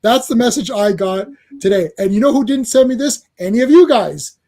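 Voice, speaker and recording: A man hosting a comics podcast in casual chat, excitable and full of stammering restarts. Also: extremely high pitch, fairly quick. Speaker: podcast host.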